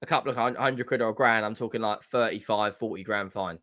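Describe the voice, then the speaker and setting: A young man co-hosting a football fan livestream, telling animated, jokey stories in casual chat. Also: fairly low pitch. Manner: animated storyteller, jokey, quick restarts.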